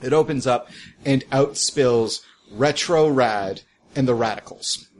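A man narrating a tabletop game as game master, rambling and halting with many fillers. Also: medium pitch, slight background noise.

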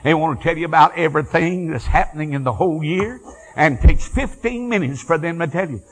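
An older man preaching a fiery revival sermon, moving from quiet storytelling to shouted praise. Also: a little high, a little fast, rough recording. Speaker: evangelist.

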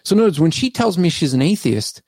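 A man guest on a podcast interview, a street evangelist telling stories of his debates in an animated, argumentative way. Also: on the high side, fast talker, breathy edge, no room sound. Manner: animated, argumentative, recounts debates by acting out both sides. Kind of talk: conversational storytelling in a podcast interview.

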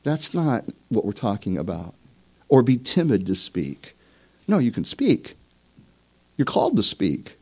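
A male pastor preaching to his congregation. He is lively and joking, and his pitch rises sharply whenever he mimics someone self-righteous. He has a mid-range voice and a conversational pace. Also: measured pace, pauses often, slightly rough. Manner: animated, mocking voices for examples. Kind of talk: sermon. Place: church before a live congregation.

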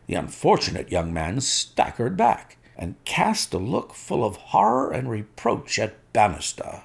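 A man narrating a classic story in an expressive, unhurried way. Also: medium pitch, creaky, slightly rough. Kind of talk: storybook reading.

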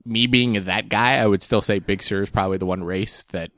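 A young man in casual conversation, speaking in a somewhat low register. He rambles easily with fillers and small laughs. The sound is close and dry with no room around it. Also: brisk, no room sound. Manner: relaxed, chatty, with fillers and laughs. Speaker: podcast co-host. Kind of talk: casual chat.

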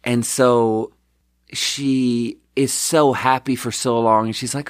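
A man hosting a podcast, telling rambling, animated anecdotes in casual chat. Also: medium pitch, slow pace, clear, resonant tone, no room sound, clean studio sound. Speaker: podcast host.

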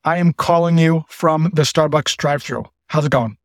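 Brief: calm, polite young saleswoman on a cold call, as a man retells her lines, dry and close. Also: moderate pace, no echo, natural voice. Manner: calm, friendly phone pitch.

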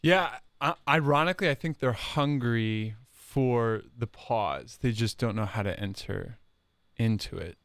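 Earnest religious brother telling stories. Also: male voice, mid-range voice, measured pace, a bit bright, no echo, studio quality. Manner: storytelling, earnest, repeats phrases for emphasis. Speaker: religious brother in youth ministry. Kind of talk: casual podcast conversation.

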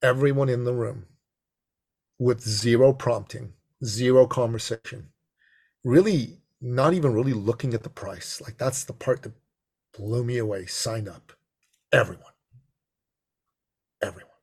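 A middle-aged man telling an expressive, animated story as a podcast guest. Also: measured pace, pauses often, husky. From Persian heritage. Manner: expressive, swings to high excited pitch in quotes. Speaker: podcast guest, business coach.

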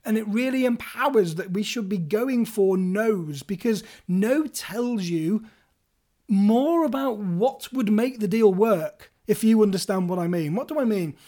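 On his solo podcast, a man with a high, mellow, animated voice speaks at a measured pace. He coaches listeners on negotiation in a playful, conversational style aimed right at them.

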